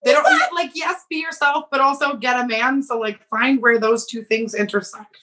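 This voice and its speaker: A woman in her thirties tells stories in a loose, chatty way and laughs often. Her voice sits a little high and sounds very bright. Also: steady tone, moderate pace. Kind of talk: casual chat.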